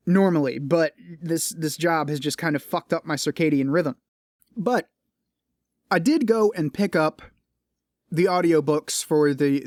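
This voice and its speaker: A man's voice: fairly high pitch, no echo, clean studio sound. A man hosting a casual solo podcast, rambling and swearing often, with a weary, complaining tone. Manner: rambling and profane, with frequent restarts; tired, complaining. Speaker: podcast host.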